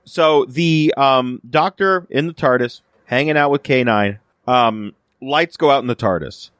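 A male podcast co-host casually reviews a TV episode, rambling with lots of fillers and restarts and acting out quoted lines. His mid-range voice is unhurried, a bit bright, clear and resonant, captured in clean studio sound with no room noise.

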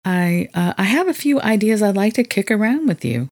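A man's voice: sits high, animated, moderate pace, pitched above the performer's own voice. Woman reading as a rugged young man, hesitant.

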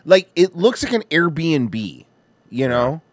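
A man's voice: a little high, big pitch swings, slow pace, dry recording. A man hosting a podcast in loose, laughing, profane banter. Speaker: podcast host. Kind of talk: casual chat.

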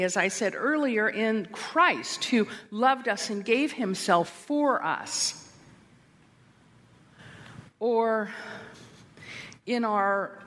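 A middle-aged woman giving a candid, self-deprecating talk to women, with wry asides. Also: medium pitch. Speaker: Christian women's speaker. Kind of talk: conference talk. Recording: long hall reverb.

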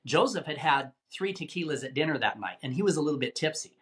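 A man telling a tense story as an interview guest, animated and given to repeating words as he talks. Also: a little high, fast. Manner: animated, acts out quoted voices, repeats words.

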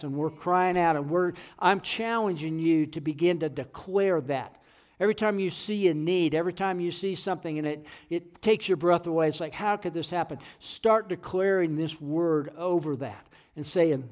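Middle-aged male pastor, earnest sermon delivery, slightly high pitch, swells to urgent pleading on scripture. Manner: earnest, rises to loud pleading when quoting scripture.

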